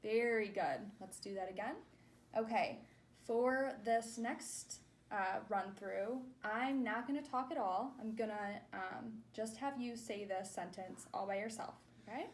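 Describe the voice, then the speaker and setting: A woman's voice: medium pitch, a little slow. A woman speech clinician giving a therapy demonstration, patiently modeling words and praising each try.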